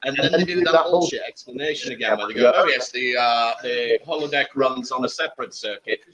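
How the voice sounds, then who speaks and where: A man co-hosting a live podcast in a pub, chatting loosely, laughing and swearing, often slipping into quick mimicry of characters. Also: medium pitch, highs cut off. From Britain. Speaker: podcast co-host. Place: crowded pub, live show. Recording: live pub recording with crowd noise. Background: pub crowd chatter.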